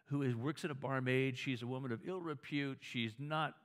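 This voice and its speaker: At a moderate pace and medium pitch, a man preaches conversationally, weaving in stories. He keeps restarting, repeating words, and asking his audience if they're with him.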